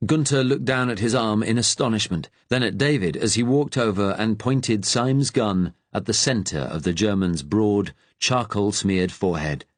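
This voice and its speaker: A man with a fairly low voice narrates a wartime thriller audiobook at a steady, measured pace. The reading is close-miked and dry. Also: no echo.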